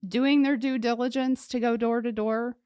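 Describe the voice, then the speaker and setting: A woman's voice: fairly high pitch, fairly even intonation, normal speed, darkish tone, clear, resonant tone, no room sound, studio quality. A woman co-hosting a podcast, telling a true-crime case in a casual, joking way with many fillers. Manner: joking, chatty, lots of "like" fillers.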